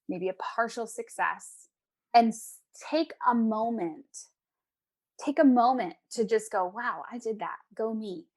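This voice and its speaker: A woman, an emotional eating coach, giving advice as a guest in a casual interview and acting out her clients' voices. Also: mid-range voice. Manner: animated, acts out clients' voices.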